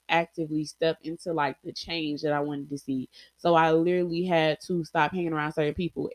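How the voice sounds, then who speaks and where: A woman's voice: deep voice, dry recording. A young adult woman vlogger telling personal stories candidly, blunt and heavily profane, acting out quoted lines.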